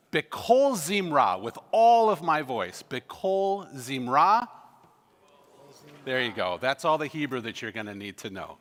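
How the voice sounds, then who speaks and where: A man's voice: mid-range voice, big pitch swings, a little fast, big-room sound. A man with a Midwestern accent, a song leader casually and jokingly teaching a song to the congregation. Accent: American Midwest. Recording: loud guitar playing behind.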